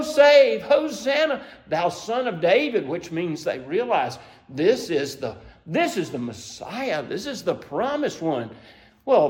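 Male preacher, fairly high voice, emotive storytelling sermon delivery. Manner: emotive storytelling, rising to high excited peaks then dropping soft; asks listeners to imagine scenes.

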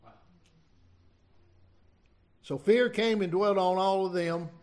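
A middle-aged man preaching an informal sermon, reading scripture and retelling it in a folksy, halting way. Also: sits high, fairly even intonation, darkish tone. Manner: folksy, halting, many restarts and asides.

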